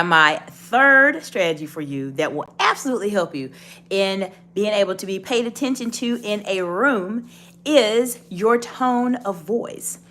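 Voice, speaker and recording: Speaking directly to camera, a woman gives a leadership coaching lesson in an encouraging, instructive way. Her voice is mid-range and a bit bright.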